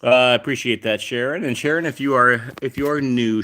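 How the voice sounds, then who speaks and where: A man chatting casually on a cat livestream, answering viewers and calling to his pets. His humor runs dry and a little sarcastic. His voice sits at a middle pitch for a man. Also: fairly quick, bright, forceful tone. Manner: chatty, self-aware sarcastic humor, talks to his cats. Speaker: livestream host reading chat.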